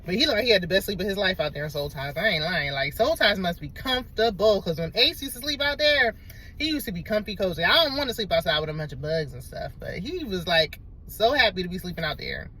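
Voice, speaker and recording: A woman's voice: lowish voice, fast talker. A woman recapping a reality show in casual chat, laughing often and acting out what the cast said. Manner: animated, laughs often, acts out quotes. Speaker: reality TV commentator. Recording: noisy, traffic sounds behind.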